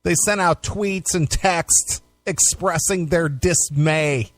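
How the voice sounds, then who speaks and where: A man's voice: on the high side, slow pace, no room sound. A man co-hosting a talk radio show, reading news stories aloud and dropping sarcastic asides between laughs. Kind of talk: casual talk radio banter.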